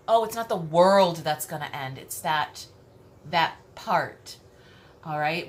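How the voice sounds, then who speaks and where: A woman's voice: mid-range voice, fairly bright tone, a little hiss or hum. A woman tarot reader giving a spiritual teaching talk, emphatic and repetitive, checking in with "okay?" and swearing casually.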